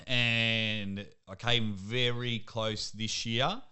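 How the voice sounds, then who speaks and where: A young Australian man, a sports commentator, chatting casually as a podcast guest and telling lively stories. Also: medium pitch, extremely slow, smooth. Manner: lively storyteller, laughs at himself. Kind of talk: casual interview chat.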